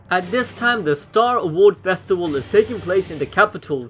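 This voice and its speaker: A man with a high voice narrates a scripted anime breakdown. His delivery is casual and sarcastic, with slang and the occasional curse. Soft music plays faintly behind him. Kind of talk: scripted voice-over commentary. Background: faint background music.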